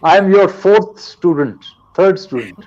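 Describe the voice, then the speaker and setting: An older man from Pakistan teaching English in a live online session, in a deliberate, lecturing way. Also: high voice, expressive, darkish tone, dull audio. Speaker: guest teacher.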